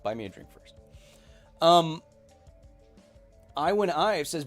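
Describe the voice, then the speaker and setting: Jokey guy streaming, pitch bouncing all over, faint music under him, lots of ums. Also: takes it slowly, long pauses. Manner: animated and jokey, with many ums and playful outbursts. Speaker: podcast host answering live chat. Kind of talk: casual live-stream chat.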